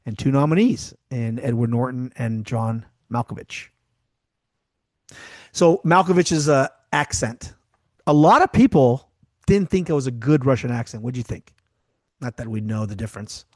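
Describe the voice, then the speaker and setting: A man in casual podcast chat, rambling through anecdotes and restarting his sentences. His voice sits at an ordinary pitch. The recording is close and dry. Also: normal speed, darkish tone, no room sound. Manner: chatty, trails off and restarts, tells anecdotes. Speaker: podcast co-host.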